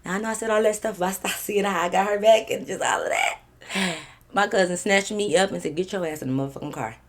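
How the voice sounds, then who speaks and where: A woman's voice: mid-range voice, fairly quick. A young woman, telling a storytime vlog casually and animatedly, with lots of swearing and fillers. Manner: animated, profane, conversational with many fillers. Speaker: storytime vlogger.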